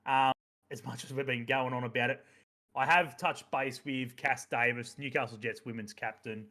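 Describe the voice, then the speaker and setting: A man's voice: medium pitch, fairly even intonation, normal speed, pushed and bright. A man hosting a podcast in casual, rambling chat, swearing freely and using many fillers. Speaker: podcast host.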